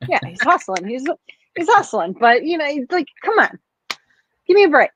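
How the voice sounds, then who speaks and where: A woman's voice: high voice, sing-song, moderate pace, fairly bright tone, slight background noise. A woman co-hosting a podcast, ranting bluntly in casual chat and swearing freely. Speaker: podcast co-host. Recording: dull dry lo-fi sound.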